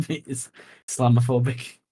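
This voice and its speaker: Arabic-speaking guy guesting on a stream, mid pitch, teases and laughs, swears. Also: fairly even intonation, measured pace, dark tone, slightly rough. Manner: teasing, laughs often, swears. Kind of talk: casual chat.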